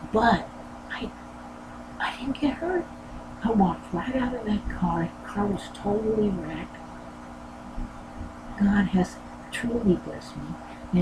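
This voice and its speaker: A woman who hosts a sewing channel, talking in a rambling, earnest way and repeating her phrases, with a low voice that she says never goes higher. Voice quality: low voice that does not go higher. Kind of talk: casual personal talk. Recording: noisy background.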